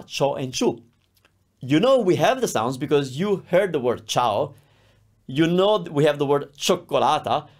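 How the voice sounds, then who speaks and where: A man with an Italian accent, a native speaker, teaching a beginner language lesson. His voice sits a little high and stays animated. He repeats each word slowly and carefully. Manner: lively, sounds words out slowly and repeats them. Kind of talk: scripted lesson to camera.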